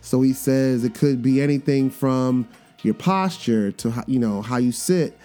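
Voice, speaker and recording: Podcast host, man, 30s, mid-pitched and mellow, animated storyteller who acts out the quotes, soft guitar bed behind. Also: unhurried. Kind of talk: casual storytelling monologue. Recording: faint guitar music underneath.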